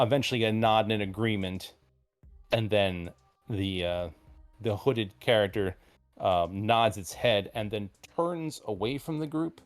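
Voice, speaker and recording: Slow-talking man running a tabletop game. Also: lowish voice. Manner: unhurried, with many ums. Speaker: game master.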